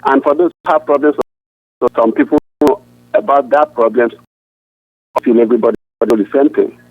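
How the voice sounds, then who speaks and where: An earnest male pastor speaks over a tinny, dry phone line at a middle pitch. He talks haltingly and often restarts his sentences. The narrow sound has no room in it. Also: no echo.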